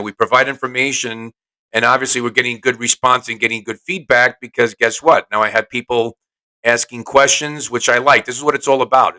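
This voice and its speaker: Brief: chatty male podcast host, salesy and brash, mid-pitched. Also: bright, forceful tone, smooth, poor audio. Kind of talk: casual solo podcast talk.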